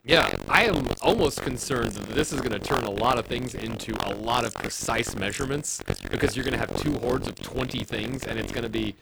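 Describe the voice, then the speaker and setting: A man casually chatting about a tabletop war game as a podcast co-host, excitable and quick to swear. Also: mid-range voice, gravelly, very noisy. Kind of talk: casual tabletop gaming chat.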